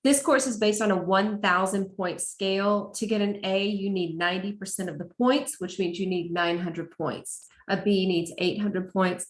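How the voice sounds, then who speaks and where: A woman college instructor walking students through her course in a relaxed, chatty way, with fillers. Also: mid-range voice, roomy sound. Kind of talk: casual course walkthrough.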